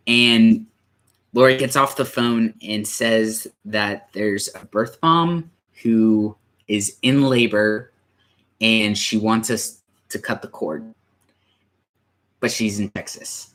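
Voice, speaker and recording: A young man with a fairly low voice tells a personal story slowly and unhurriedly. He speaks as a church youth pastor, stumbling and restarting often. At times he grows emotional and comes close to tears. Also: a bit bright. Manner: halting, with many restarts and fillers.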